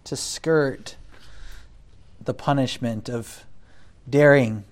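A man preaching a sermon, deliberate, rising loud when he quotes scripture and dropping soft between points. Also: medium pitch. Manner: deliberate, swells loud on scripture then drops quiet.

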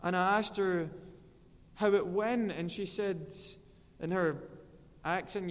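A man with a high, light voice preaches at a slow, deliberate pace. He is earnest and lets his voice swell on the scripture lines. His voice carries a long reverb, like a large church hall. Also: steady tone. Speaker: pastor. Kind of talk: sermon.

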